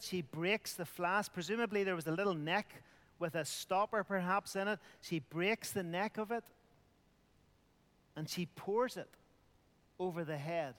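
A man's voice: high voice, a bit bright, in a large hall. A middle-aged man preaching a communion sermon, earnest, dropping to a near whisper at tender points. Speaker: pastor.

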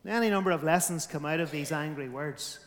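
A man's voice: on the high side, fast talker, in a large hall. A man preaching a sermon, emphatic, his volume rising and falling.

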